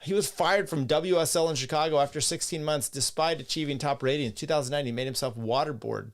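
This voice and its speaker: Gravelly middle-aged male podcast host. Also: fairly high pitch, fairly quick. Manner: rambling, profane, chuckling asides. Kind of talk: casual live-stream talk, reading chat.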